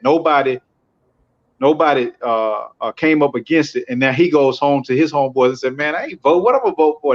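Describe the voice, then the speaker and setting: Man, barber, casual interview, animated storyteller, medium pitch, dull lo-fi audio. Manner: animated storyteller, rising to emphatic pleas. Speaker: barber and barbershop owner, podcast guest.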